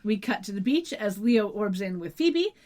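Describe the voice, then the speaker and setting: A woman's voice: medium pitch, animated, moderate pace, dark tone. A woman co-hosting a podcast, recapping an episode with wry asides, laughs and casual swearing. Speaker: podcast co-host.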